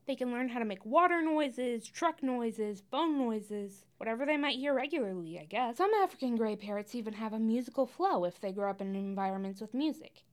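A woman's voice: fairly high pitch, fairly bright tone. A young woman hosting a podcast, talking casually with wry asides and frequent tangents. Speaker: podcast host. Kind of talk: casual scripted podcast monologue.

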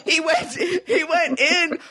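A woman's voice: very high voice, animated, slow, bright, forceful tone. A woman co-hosting a podcast in casual chat, wry and chatty, often laughing as she talks. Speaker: podcast co-host.

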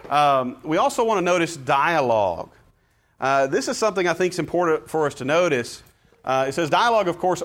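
A man teaching a Bible class in a relaxed, conversational way, asking the class questions with frequent filler words. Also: medium pitch.

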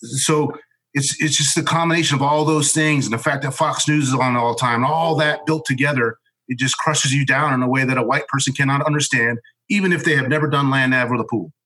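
A man with a bright, forceful voice recounts his time as a Marine officer. He talks candidly and haltingly, often restarting sentences, and swears bluntly. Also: mid-range voice, steady tone, poor audio. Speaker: former Marine officer telling his story. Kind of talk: candid conversational storytelling.

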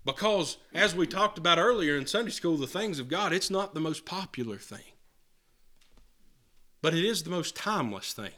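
A man's voice: fairly high pitch, lively intonation, normal speed, pushed and bright. A man preaching an earnest sermon, reading scripture aloud and often restarting his words.

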